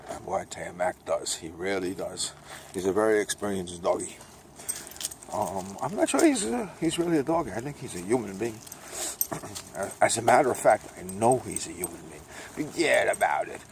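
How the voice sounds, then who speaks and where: An older man with a thick Brooklyn accent rambles folksily while filming on his phone out on a walk. His voice sits a bit low and has a gravelly edge. The phone recording is noisy with outdoor sound. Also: moderate pace. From Brooklyn, New York. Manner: meandering, chatty, folksy, playful asides. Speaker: vlogger. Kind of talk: rambling casual vlog on a walk. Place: outdoors on a walk, by a road and railway. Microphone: phone camera. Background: outdoor noise.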